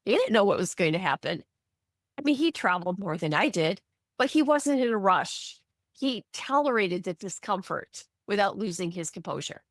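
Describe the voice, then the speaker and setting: A middle-aged woman from the US, an ADHD coach teaching on a live video call, animated and acting out quoted voices with self-deprecating asides. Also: mid-range voice, moderate pace, dry recording, studio quality. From Midwestern US. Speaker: ADHD coach and guest speaker.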